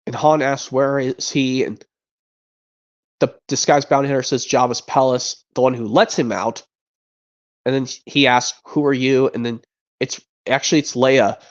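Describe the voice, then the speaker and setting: A man's voice: medium pitch, fairly even intonation, normal speed, pauses often. A man streaming, chatting casually and rambling with frequent restarts and repeated words. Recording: dull lo-fi sound.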